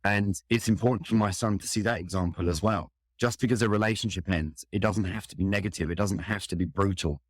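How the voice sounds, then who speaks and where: Speaking fairly quickly with few pauses, a middle-aged London-accented man recounts a personal experience in an earnest, thoughtful way. He's an English firefighter giving an interview, with a lowish voice and clean, echo-free studio audio.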